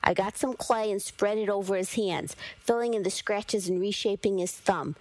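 A woman reads a story aloud in the first person, in a measured, even manner. Her voice sits in a middle register. The recording is dry and close, with no room around it. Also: mid-range voice, no room sound, rough recording. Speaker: story reader. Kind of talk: first-person scripted narration.

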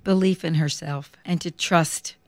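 Animated older woman telling stories. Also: low voice, a little slow, dry recording. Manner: animated, acts out quoted voices. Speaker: interview guest, actress. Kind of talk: conversational interview storytelling.

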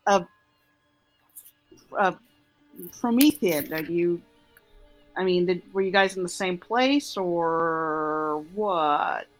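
Woman at the game table, slow wry questions, soft music behind. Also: lowish voice, poor audio. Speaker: player.

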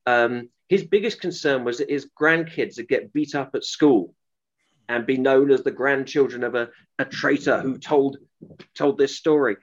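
A man's voice: medium pitch, moderate pace, dull audio. A man being interviewed as an author, telling a long story earnestly, with restarts and fillers. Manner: earnest, rambling with restarts and acted quotes. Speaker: author guest.

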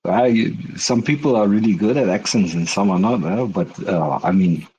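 A man's voice: lowish voice, moderate pace, dark tone, lo-fi sound, slight background noise. A man teasing others mildly in a laid-back way during a casual group chat. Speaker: Twitter Space participant.

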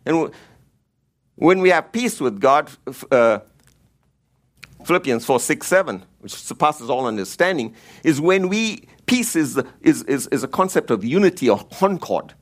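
A man's voice: sing-song, moderate pace. Emphatic man teaching in church. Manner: emphatic, repeats key words, rises in pitch when stressing. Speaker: Bible teacher.

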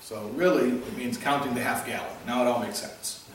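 A man's voice: mid-range voice, a little fast, crowd noise. Joke-telling man teaching in an echoey hall. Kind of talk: informal Torah class talk. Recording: echoey hall, mic at a distance, faint ambience.

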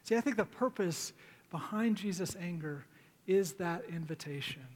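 A middle-aged man preaching a sermon, telling stories in a conversational way and slowing down to plead. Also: high voice, expressive. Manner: conversational storytelling with pleading, dramatic pauses. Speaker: pastor.

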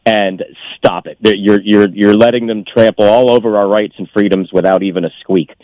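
A man's voice: on the low side, steady tone, moderate pace, darkish tone, no echo, poor audio. A man calling in to a radio show, talking indignantly and stammering with frequent restarts. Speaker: caller. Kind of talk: call-in radio talk.

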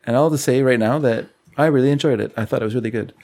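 A man's voice: mid-range voice, darkish tone. A man co-hosting a podcast in casual chat, easygoing and agreeable. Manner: easygoing, agreeable, quick to laugh. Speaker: podcast co-host.

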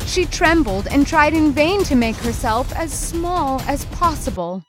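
A woman narrating a storybook in a slow, dramatic and suspenseful way. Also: high voice, lively intonation, faint music behind.

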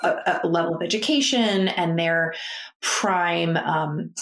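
A woman's voice: fairly low pitch, takes it slowly, a bit bright, echoey room, a little hiss or hum. A woman chatting casually about books as a podcast co-host, rambling with many fillers and restarts. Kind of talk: casual book chat.

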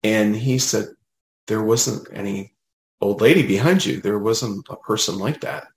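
Male guest, medium, low voice, chatty storyteller, echoey room sound. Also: measured pace, gravelly. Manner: animated, retells dialogue, many fillers. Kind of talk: casual storytelling.

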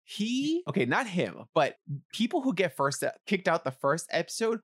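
A man's voice: sits high, moderate pace. Ranting, profane male podcast co-host. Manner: blunt, profane ranting, animated. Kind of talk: casual chat.

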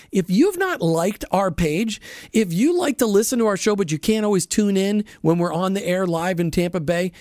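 A man from Florida hosts a faith-based radio talk show, chatting casually with folksy enthusiasm and restarting his sentences often. His voice is high with a darkish tone, recorded in studio quality with no room sound.

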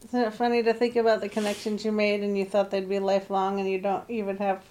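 A woman's voice: medium pitch, completely flat delivery, fast, dark tone. A woman co-hosting a podcast in casual chat, asking curious follow-up questions and laughing along. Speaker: podcast co-host.

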